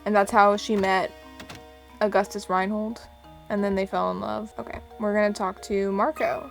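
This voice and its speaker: A young woman chatting casually as she plays a puzzle game, giggling and thinking out loud. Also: mid-range voice, flat delivery, normal speed, creaky, soft background music. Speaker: game streamer. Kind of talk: casual let's-play chat.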